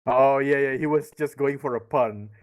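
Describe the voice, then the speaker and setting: A man co-hosting a live reaction to an animated series, in casual chat, laughing often. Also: mid-range voice, moderate pace. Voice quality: laughs often, chatty and playful.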